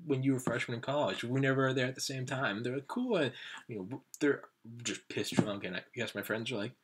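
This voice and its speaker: A man's voice: medium pitch, steady tone, quick pace, a little hiss or hum. A young man co-hosting a casual podcast, rambling through anecdotes and acting out what his friends said. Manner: rambling storyteller who acts out friends' lines. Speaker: podcast co-host. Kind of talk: casual chat.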